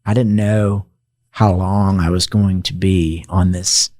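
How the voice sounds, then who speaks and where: A man's voice: deep voice, flat delivery, slow, darkish tone, no echo. A man speaking as a podcast guest, telling his personal story in a heartfelt, emotional and reflective way. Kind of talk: personal testimony in conversation.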